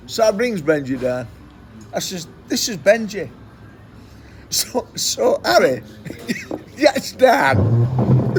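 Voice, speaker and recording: A man's voice: fairly high pitch, a little mellow, slight background noise. A man telling a rambling anecdote, swearing constantly and repeating himself. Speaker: storyteller.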